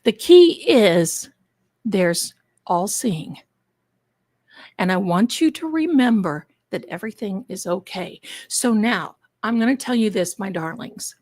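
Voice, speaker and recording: Slow, chatty woman hosting a livestream. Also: mid-range voice, animated, a little mellow, no echo, clean studio sound. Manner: chatty, theatrical, addresses viewers as darlings. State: congested from allergies. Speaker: livestream host. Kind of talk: casual livestream chat.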